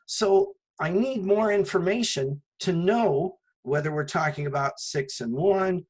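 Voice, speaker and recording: A man with a fairly high pitch and a breathy edge teaches math in a recorded lecture. He works through each step patiently and often asks rhetorical questions, then answers them himself; the recording is rough.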